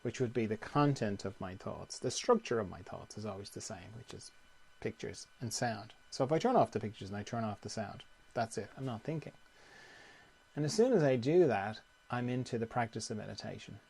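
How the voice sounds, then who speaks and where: A man teaching meditation in a calm, conversational way, often repeating phrases. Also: fairly low pitch, fairly quick, gravelly, husky. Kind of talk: guided meditation talk.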